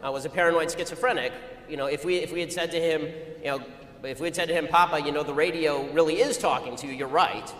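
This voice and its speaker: A man telling a story to an audience in a rapid-fire, argumentative way. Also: mid-range voice, a bit bright. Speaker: speaker addressing an audience. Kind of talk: anecdotal public talk. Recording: echoey hall with long reverb, faint ambient noise.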